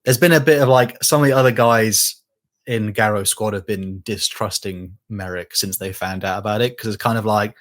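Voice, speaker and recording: A man's voice: on the low side, steady tone, normal speed, fairly bright tone. A man co-hosting a casual podcast, talking conversationally with fillers and asides. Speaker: podcast co-host. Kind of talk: casual lore discussion.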